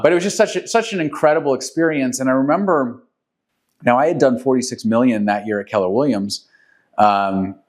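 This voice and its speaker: A man from New York City, co-hosting a podcast, telling a long rambling story full of ums and self-corrections. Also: mid-range voice. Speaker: podcast co-host, real estate agent. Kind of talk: casual storytelling chat.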